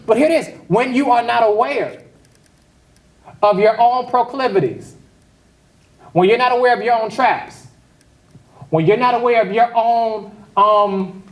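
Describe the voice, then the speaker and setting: High-voiced pastor in an echoey hall. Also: male voice, a little slow, long pauses, distant mic. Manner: casual, joking asides to the congregation, chuckling. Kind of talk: conversational sermon. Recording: echoey hall, voice picked up from afar.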